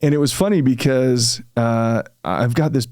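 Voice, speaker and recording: A man, a real estate developer being interviewed, telling his story in a casual, animated way and often acting out what he said at the time. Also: medium pitch, normal speed, clean tone, no echo, studio quality. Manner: animated, reenacts his own past remarks, frequent fillers.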